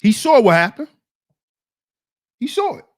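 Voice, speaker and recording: A man gives reaction commentary, repeating himself for emphasis and calling out to his chat. His pitch swings widely as he talks. The sound is dry and close. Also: sing-song, measured pace, no room sound.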